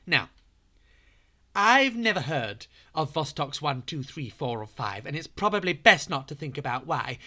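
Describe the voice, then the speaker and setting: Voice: mid-range voice, bright, forceful tone. Playful children's storyteller. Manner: playful, talks straight to young listeners. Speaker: children's podcast host.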